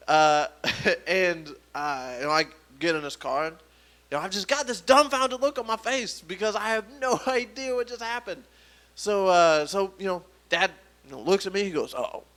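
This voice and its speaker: Lively high-voiced male stand-up comic. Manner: animated storytelling, voices quoted people. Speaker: stand-up comedian. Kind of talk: stand-up set. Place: comedy club stage.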